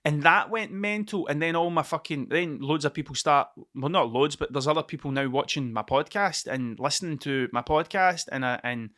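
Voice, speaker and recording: On the high side and pushed and bright, this man's voice keeps a moderate pace with few pauses. He's a Scottish host running his own podcast, swearing freely and meandering through a casual solo monologue.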